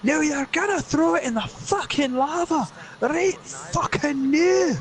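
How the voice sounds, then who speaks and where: A man voicing a furious, swearing Scottish fantasy warrior in a mock Scottish accent, ranting and shouting. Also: very high-pitched, pitched above the performer's own voice. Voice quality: shouting, sweary, drawn-out rants.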